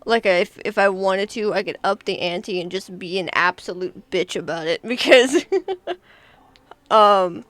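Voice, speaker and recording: A woman's voice: mid-range voice, measured pace, fairly bright tone, no echo. A young woman with a Texan accent, chatting casually as a podcast co-host and laughing often. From Texas. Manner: giggly, reads cheesy pickup lines with laughs. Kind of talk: casual chat.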